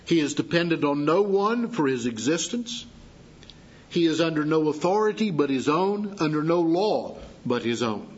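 A man preaching a sermon, teaching slowly and deliberately with pauses for emphasis. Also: fairly high pitch, sing-song, a little mellow, slightly rough. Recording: dull lo-fi sound.

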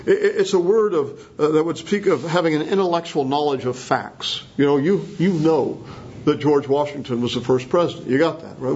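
A man's voice: fairly high pitch, darkish tone. A man preaching an expository sermon, emphatic and conversational, often checking in with the congregation. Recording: husky voice, dull lo-fi sound.

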